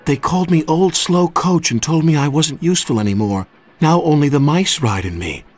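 A man's voice: on the high side, animated, normal speed, darkish tone, faint music behind, pitched above the performer's own voice. A man voicing a sad, weary old female railway coach. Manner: mournful, weary.

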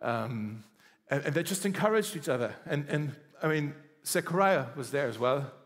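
A male pastor preaching a sermon in a conversational, animated way, acting out quoted dialogue. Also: on the high side, moderate pace, in a large hall. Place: church.

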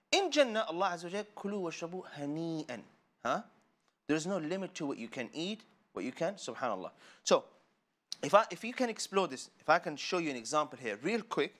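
A man teaching children about the Qur'an, playful and animated, asking questions and laughing often. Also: on the high side. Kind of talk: lively lesson for children. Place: studio.

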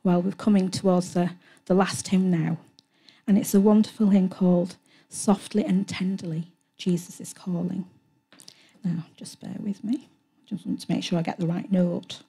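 A woman presenting a Christian TV programme, speaking in a gentle, earnest devotional way between hymns, soft-spoken and sometimes hesitant as she searches for words. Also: fairly low pitch, level tone, normal speed, husky. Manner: soft-spoken, earnest, often trailing into a hush.

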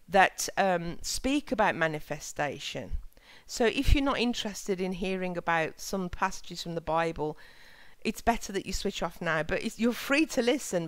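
A woman hosting her own channel, giving a sincere, measured spiritual talk and reading scripture passages with soft emphasis. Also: medium pitch, no room sound.

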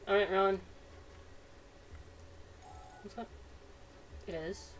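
A woman's voice: mid-range voice, fairly even intonation, drawn-out words. A woman hosting a let's-play, commenting in a playful, chatty way. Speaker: gaming channel host. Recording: distant mic, faint noise.

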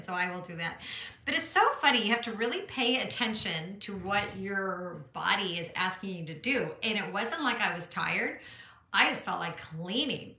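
Middle-aged woman, art teacher hosting a phone live stream from home, bright chatty voice, echoey room. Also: mid-range voice. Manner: bubbly and chatty, greets viewers by name, laughs often. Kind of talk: casual live-stream chat. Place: home art studio, indoors. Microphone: phone camera.

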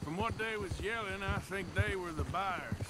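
An actor playing a gruff, laconic outlaw gunslinger in a video game, speaking tersely and dryly. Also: male voice, high-pitched, normal speed, heavy background noise, close to an everyday voice. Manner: terse, dry. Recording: game audio with loud outdoor ambience.

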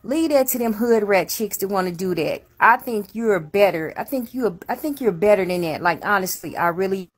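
A woman's voice: medium pitch, expressive, normal speed, few pauses, slightly rough. A woman hosting a show, giving frank, blunt advice in casual chat with some cursing.

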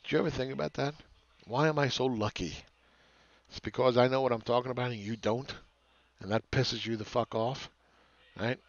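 A man's voice: mid-range voice, steady tone, normal speed, no echo. A man in the middle of his range delivers a combative market rant, sarcastic and full of swearing, stumbling over repeated words as he presses his point. The sound is dull and lo-fi, close and dry with no room around it. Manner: repeats words and restarts phrases. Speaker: market commentator. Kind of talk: ranting market commentary.

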